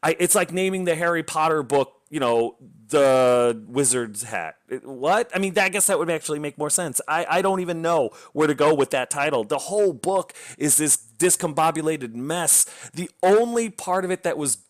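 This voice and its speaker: A man's voice: fairly high pitch, brisk, few pauses. A man giving a casual book review rant, blunt and sarcastic, swearing freely in exasperation.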